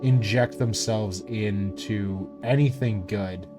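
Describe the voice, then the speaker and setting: Profane, animated man streaming casually. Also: on the low side, slow pace, music in the background. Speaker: streamer building and painting miniatures. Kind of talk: casual live-stream chat.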